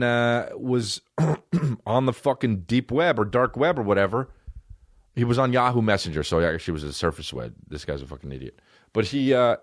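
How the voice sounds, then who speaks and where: A man's voice: medium pitch, no echo, clean studio sound. A man in his thirties hosting a podcast, telling a story in a profane, rambling comic monologue, with mock voices thrown in. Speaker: podcast host. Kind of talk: casual comedic monologue.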